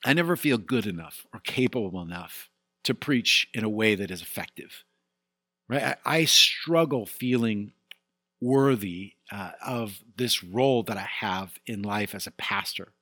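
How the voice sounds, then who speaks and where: A man's voice: fairly low pitch, lively intonation, measured pace, bright, forceful tone, dry recording. A middle-aged man preaching a sermon as pastor, telling a candid personal story and building to emphatic peaks.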